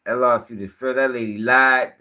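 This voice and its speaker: Young male streamer, bright forceful tone, profane and rambling. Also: medium pitch, fairly even intonation, normal speed. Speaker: commentary livestream host. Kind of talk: casual livestream commentary.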